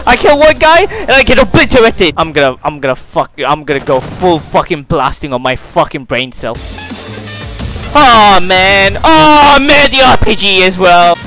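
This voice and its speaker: High, bright-voiced man ranting over gameplay. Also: sing-song, normal speed, soft background music. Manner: ranting, swearing constantly; frequent loud outbursts. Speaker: gaming YouTuber. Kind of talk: gameplay commentary.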